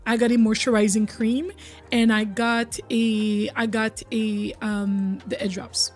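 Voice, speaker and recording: A woman's voice: fairly high pitch, level tone, takes it slowly, faint music behind. A young woman streaming a game and chatting casually with her viewers, getting over a cold. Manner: chatty, reads and answers chat, hums and sings bits. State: recovering from a cold.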